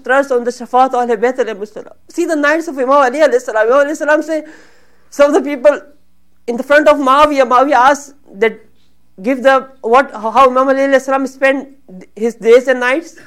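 High-voiced woman giving an earnest sermon. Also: clean tone. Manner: earnest, rises and grows emotional when voicing supplications. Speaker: religious speaker.

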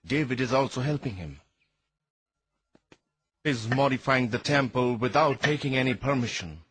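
An actor playing a proud, quick-tempered temple elder in a dubbed film, commanding and scornful. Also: male voice, medium pitch, fairly bright tone, breathy edge, dry recording.

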